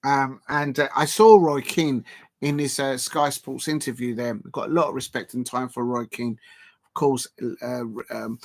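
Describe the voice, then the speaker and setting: Male live-stream host, mid-pitched, rambling and emphatic football chat. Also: steady tone, moderate pace. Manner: rambling and emphatic, with many restarts.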